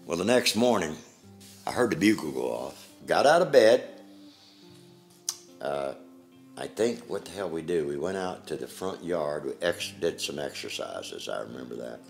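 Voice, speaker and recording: An older man recounting his memories in an interview, plain-spoken and halting, with pauses and restarts. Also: extremely low pitch, very animated, creaky, faint music behind.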